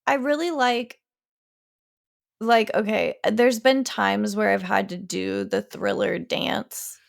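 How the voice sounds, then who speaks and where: A woman co-hosts a podcast in casual chat, rambling with plenty of fillers and restarts. Her voice is mid-range and gravelly, with lively intonation and a slow pace.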